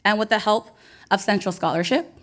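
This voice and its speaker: A woman's voice: mid-range voice, fairly quick. Bubbly young woman hosting live. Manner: bubbly, playful and hyped, talks straight to the crowd. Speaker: event MC. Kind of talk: live ceremony hosting with crowd work. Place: event venue with a live audience.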